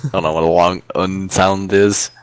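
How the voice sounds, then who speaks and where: A man's voice: sits low, level tone, normal speed, clear, resonant tone, no room sound. A young man reading out fan questions over voice chat and teasing his friend in a dry way. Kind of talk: casual voice-chat Q&A.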